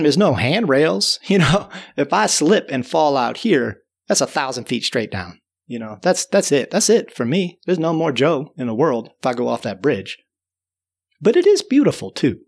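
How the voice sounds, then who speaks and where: A man telling a story in a chatty, animated way, chuckling now and then. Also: medium pitch, breathy edge. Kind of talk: spoken storytelling.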